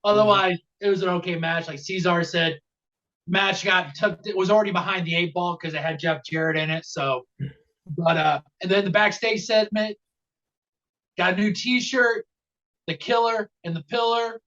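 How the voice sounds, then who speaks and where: A man's voice: sits high, fairly even intonation, moderate pace, sharp tone. A man co-hosting a podcast, giving a laid-back, rambling review of a wrestling match. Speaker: podcast co-host. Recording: dull lo-fi audio.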